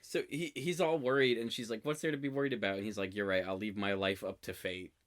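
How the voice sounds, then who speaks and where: A woman's voice: very deep voice, steady tone, fast talker. A young woman co-hosting a casual recap podcast, retelling the plot with dry jokes. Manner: dry, joking, narrates plot. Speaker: podcast co-host.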